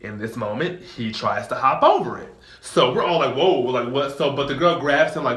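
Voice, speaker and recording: A young man spins a storytime tale in a loose, casual way. His voice sits in a middle pitch and jumps up into squeaky acted-out voices. The room around him rings with echo. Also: normal speed. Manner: animated, acts out voices in high squeals.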